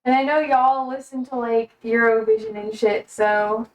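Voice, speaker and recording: A woman's voice: a little high, steady tone, normal speed, muffled recording. An American woman cooking in her home kitchen on a live stream, chatting casually and answering her chat. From United States.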